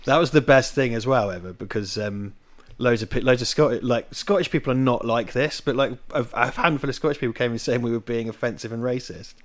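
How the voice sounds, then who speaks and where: A man's voice: mid-range voice, brisk. A man, co-hosting a watch-party stream in rambling, sweary casual chat, laughing often.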